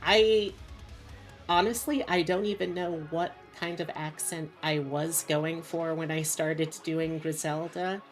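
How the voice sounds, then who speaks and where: A woman with a low voice and an unhurried pace chats casually on a drawing stream. She wanders off on tangents and asides, and faint music plays behind her. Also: steady tone. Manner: chatty and rambling, with frequent fillers and asides. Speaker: VTuber streamer.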